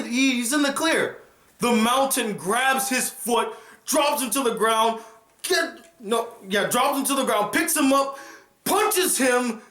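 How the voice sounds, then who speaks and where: Male TV reviewer, high and bright voice, excitable retelling, echoey room. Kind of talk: casual reaction review.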